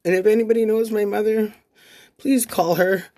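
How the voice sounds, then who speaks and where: A woman's voice: medium pitch, steady tone, moderate pace, dark tone. A woman in her thirties, crying as she makes an emotional, rambling plea in a vlog, swearing and repeating herself. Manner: raw, repetitive, swears, rallying plea.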